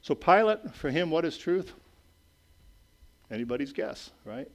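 A middle-aged man preaching a sermon in a conversational way, checking in with "okay?" and "right?" and moving between raised emphatic lines and quiet low asides. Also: sing-song, a little slow. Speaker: pastor.

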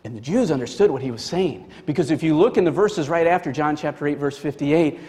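A man's voice: fairly high pitch, brisk, a little mellow, big-room sound. A man preaching a sermon to a congregation, emphatic and conversational, full of casual fillers. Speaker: pastor. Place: church sanctuary.

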